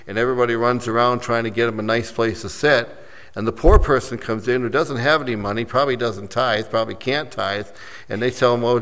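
A lower-voiced man delivers a sermon from the pulpit, building to emphatic peaks and then dropping to quiet, settled endings. His voice rings out with a long hall reverb, as if in a large church sanctuary. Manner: preaching with rising emphasis and soft drops. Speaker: pastor.

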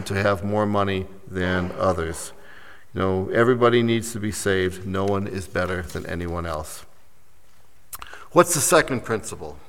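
A man preaching a sermon as pastor, rising to emphatic points and dropping softly after them. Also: medium pitch. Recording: long reverb of a large hall.

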